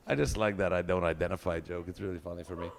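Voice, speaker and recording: In a low voice with slight background noise, a Québécois French-accented man in his forties rants through a stand-up comedy set. He's profane throughout and swears heavily.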